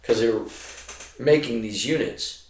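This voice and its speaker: Casual, profane middle-aged veteran storyteller, rambling delivery, recorded in an echoey room. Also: male voice, medium pitch, measured pace, darkish tone. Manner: profane, rambling, heavy swearing. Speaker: veteran telling army stories.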